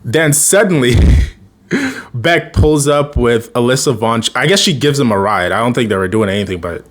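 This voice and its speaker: A man's voice: mid-range voice, animated, normal speed. A man casually recapping a TV episode in a rambling way, chuckling often and acting out the characters' lines. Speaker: TV episode reviewer.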